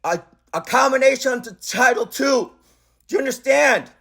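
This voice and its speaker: High-pitched insistent man on speakerphone. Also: expressive, normal speed, creaky, sharp tone. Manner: insistent, repetitive, talks over the other. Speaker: caller. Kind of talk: heated phone argument.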